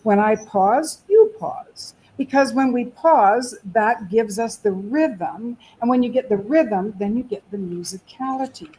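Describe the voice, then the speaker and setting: Canadian woman accent coach, warm-toned, emphatic teaching delivery with deliberate pauses. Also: a little high, husky, poor audio. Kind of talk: webinar panel answer.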